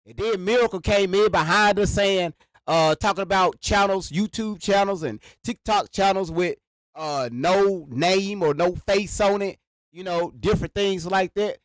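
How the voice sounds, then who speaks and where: A man hosting a livestream, ranting to his chat in an animated, repetitive way and talking straight to his viewers, speaking into a microphone. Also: sits high, measured pace, no room sound. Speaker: livestream host. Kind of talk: live reaction rant to chat. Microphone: sits behind a microphone.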